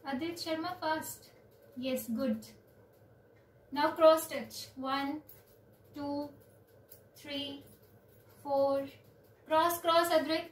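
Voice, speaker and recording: High-voiced woman teaching kids yoga. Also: fairly even intonation. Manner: slow, clear instructions and counting, encouraging. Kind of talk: online yoga class for children. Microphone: video call. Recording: roomy, distant from the mic.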